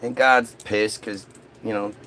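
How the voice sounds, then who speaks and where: A man's voice: on the low side, steady tone, unhurried, pushed and bright. A man telling a comic story in a loose, rambling way, full of swearing and asides.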